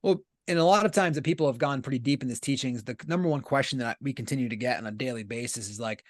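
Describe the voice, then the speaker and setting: A man's voice: medium pitch, quick pace, dry recording, studio quality. A man being interviewed as a podcast guest, explaining his ideas in an earnest, conversational way and often checking in with "right?". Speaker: podcast guest, business leader.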